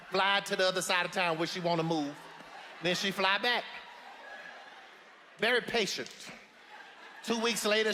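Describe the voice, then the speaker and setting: An actor playing a blunt, preachy elderly grandmother with a loud, sassy drawl full of folksy sayings. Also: sits high, long reverb tail, a little hiss or hum. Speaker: advice-giving matriarch. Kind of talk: film comedy-drama acting.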